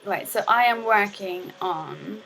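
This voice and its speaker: A woman's voice: mid-range voice, slow pace, creaky, a bit bright, rough recording. A young woman casually streaming her game development work, chatting in a rambling way full of fillers and restarts. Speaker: game dev student streamer. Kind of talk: casual live stream chat.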